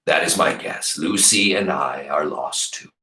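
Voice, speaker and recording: A man voicing a big, kind drifter who speaks slowly, softly and formally. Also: echoey room, heavily acted. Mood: warm courtly. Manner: slow, low, soft-spoken and formal. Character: huge gentle drifter man, courtly and kind.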